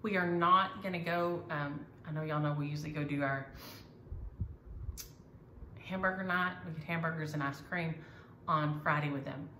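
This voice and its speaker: In an echoey room with a little ambient noise, a middle-aged woman eagerly shows her needlework in a casual chat for her vlog. She speaks at normal speed in a low, sharp-toned voice with fairly even intonation.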